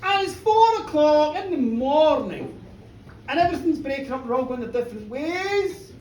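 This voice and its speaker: A woman storyteller at a live pub show, chatty and lively, often checking in with her listeners. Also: high voice, normal speed, slight background noise. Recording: roomy pub from far off.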